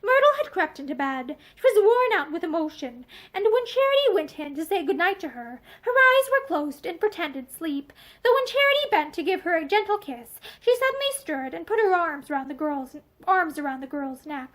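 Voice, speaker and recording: A woman's voice: extremely high pitch, very animated, normal speed, a bit bright. A woman reading a novel aloud, telling the story expressively while seated indoors facing the camera. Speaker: audiobook reader.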